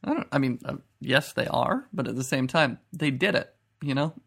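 Man, podcast co-host, gravelly voice, casual review chat, skeptical. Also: medium pitch, moderate pace, fairly bright tone.

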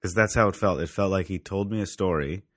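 A man with a very low, deep voice talks loosely about movies as a podcast co-host. He rambles and corrects himself mid-sentence. The sound is dry and close, with no room echo. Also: fast. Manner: rambling, self-correcting, with frequent restarts. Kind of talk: casual film chat.

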